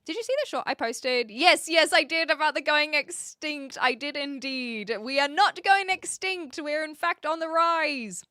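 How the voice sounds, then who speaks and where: A young woman with a New Zealand accent, chatting with her stream and reading out comments, giggly and trailing off into quiet asides. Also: high voice, unhurried, hardly any pauses, no echo, studio quality. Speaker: livestreamer.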